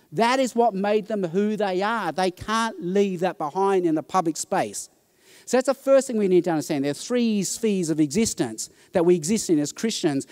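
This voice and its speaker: Man, high voice, lively talk to a conference crowd, acts out the voices he quotes. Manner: animated storytelling, acting out quoted voices. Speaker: conference speaker. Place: conference hall.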